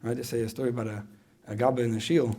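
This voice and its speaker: Guy lecturing parents, gravelly voice, talks fast, keeps repeating himself. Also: mid-range voice, level tone, warm tone. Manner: repeats phrases, asks the audience questions. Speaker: speaker at a parenting retreat. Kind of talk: conversational lecture.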